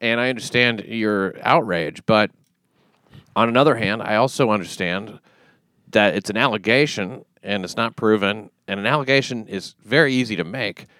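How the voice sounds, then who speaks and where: A man hosting a casual comedy podcast, talking in a dry, deliberate way and reading news items aloud. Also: on the low side, sharp tone, no room sound. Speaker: podcast host.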